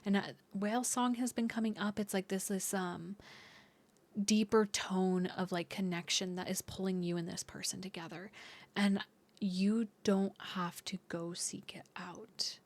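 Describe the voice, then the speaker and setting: Female tarot reader, dreamy and searching, mid-pitched voice. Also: steady tone, a little slow. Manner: dreamy, searching, many fillers and restarts. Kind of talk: intuitive tarot reading to viewers.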